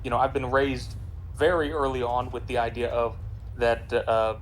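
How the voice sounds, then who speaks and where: A man's voice: medium pitch, level tone, moderate pace, slight background noise, low-quality recording. A man chatting casually while playing a game, rambling with many fillers and restarts. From United States. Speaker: co-player in a game stream. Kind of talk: casual chat while gaming.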